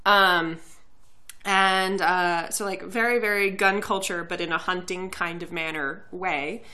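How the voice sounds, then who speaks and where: A woman's voice: fairly low pitch, steady tone, unhurried, pushed and bright. A young woman co-hosting a podcast, a little tipsy, talking earnestly in casual chat with many fillers and restarts. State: tipsy from drinking. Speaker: podcast co-host.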